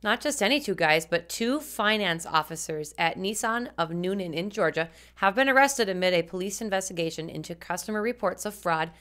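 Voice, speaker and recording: A woman's voice: medium pitch, animated, a little fast, hardly any pauses, fairly bright tone. A woman co-hosting a scripted consumer news commentary, speaking directly and earnestly to viewers. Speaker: co-host.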